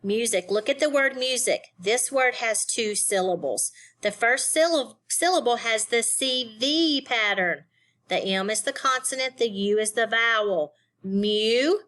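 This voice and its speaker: A woman's voice: fairly high pitch, measured pace, a bit bright. A woman teaching a phonics lesson to young students, sounding out syllables and spelling words letter by letter.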